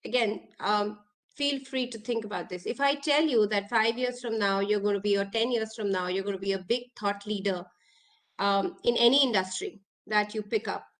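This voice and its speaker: A woman's voice: medium pitch, normal speed, a bit bright. A woman, an executive coach giving an online workshop talk, earnest and full of questions to her listeners.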